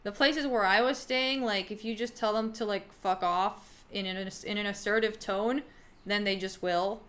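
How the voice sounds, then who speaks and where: A young woman on a livestream talks loosely to her viewers, her sentences wandering and full of fillers. She swears in passing and answers chat as she goes. Her pitch sits in the middle for a woman. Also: steady tone, normal speed, fairly bright tone. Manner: rambling, filler-heavy, swears casually. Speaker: streamer.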